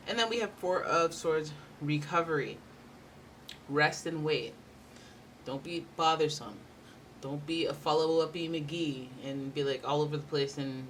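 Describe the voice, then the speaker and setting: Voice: mid-range voice, moderate pace, a bit bright, far from the mic, slight background noise. A tarot reader giving a casual, rambling reading with playful asides.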